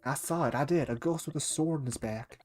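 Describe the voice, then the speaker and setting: A man doing a squeaky excitable little boy. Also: fairly quick, faint music behind, lightly acted. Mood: excited. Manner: loud, insistent. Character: excitable little boy who sees ghosts.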